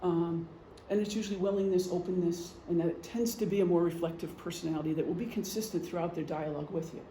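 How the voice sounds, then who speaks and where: Fast-talking and mellow, a middle-aged man keeps a steady tone in a voice that sits high. He gives a relaxed, conversational presentation to a group, with examples and frequent ums, in an echoey meeting room with a faint hum.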